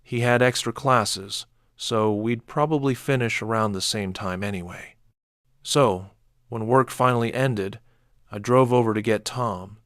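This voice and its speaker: A man reads a first-person horror story as scripted narration, keeping it measured and low-key but breaking into sharp outbursts when quoting. The recording has studio quality with no echo.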